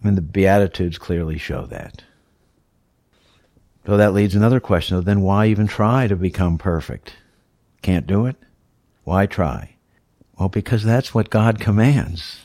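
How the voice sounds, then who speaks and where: A man's voice: lowish voice, a little slow, long pauses, dark tone, no room sound, clean studio sound. A male pastor preaching a sermon, teaching verse by verse in an emphatic, explaining way. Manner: teacherly, emphatic, walks through scripture verse by verse.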